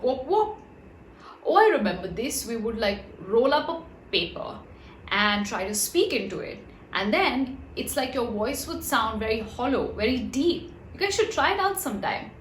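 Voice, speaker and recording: A woman reading a children's storybook aloud, gentle and expressive, with chatty asides to young listeners. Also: mid-range voice, a little hiss or hum. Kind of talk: children's read-aloud narration. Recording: roomy echo.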